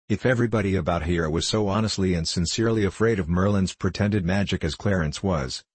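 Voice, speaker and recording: A man's voice: low voice, slightly rough, dry recording. A man narrating an audiobook in the first person, with a wry storytelling manner.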